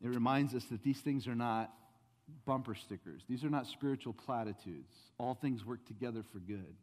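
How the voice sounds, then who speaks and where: A man preaching a sermon as pastor, swinging between loud emphatic rises and soft, low asides. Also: normal speed, big-room sound. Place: church sanctuary.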